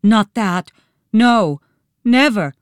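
Woman narrator playing an anxious, stubborn boy twin in a storybook; urgent, lively, raised. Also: a little high, unhurried, clean tone, dry recording, studio quality, voice pushed up. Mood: protesting. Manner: urgent, desperate pleading.

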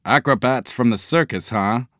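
A man's voice: mid-range voice, moderate pace, a bit bright, no room sound, clean studio sound, close to an everyday voice. A man reading a wary, weary young professor. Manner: suspicious, clipped. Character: wary, weary thirtyish male professor father.

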